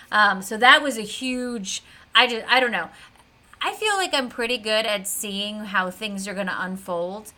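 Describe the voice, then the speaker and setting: A woman co-hosting a podcast, retelling a TV episode in a chatty, animated way with plenty of fillers. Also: medium pitch. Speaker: podcast co-host. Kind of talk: casual recap of a TV episode.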